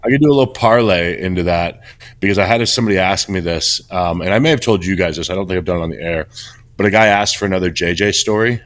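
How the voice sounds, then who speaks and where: Middle-aged guy on a podcast call, really low voice, candid storyteller. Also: quick pace. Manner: candid, animated storytelling with restarts. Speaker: podcast co-host. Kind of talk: casual podcast chat.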